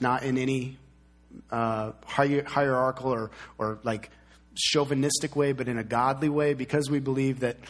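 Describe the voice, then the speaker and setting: A man in his thirties preaching a sermon as pastor, emphatic and fond of repeating key words. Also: mid-range voice.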